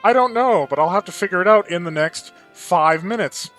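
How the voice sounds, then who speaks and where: A man's voice: sits high, animated, normal speed, fairly bright tone, faint music behind. A tired man hosting a game let's play, rambling and self-deprecating in his commentary. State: exhausted. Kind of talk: gameplay commentary.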